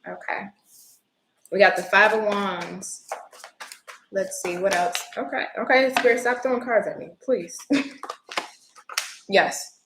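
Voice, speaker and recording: Woman tarot reader, chatty, lively, live stream, roomy echo. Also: mid-range voice, slow, pauses often, background noise. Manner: chatty, expressive, greets viewers by name.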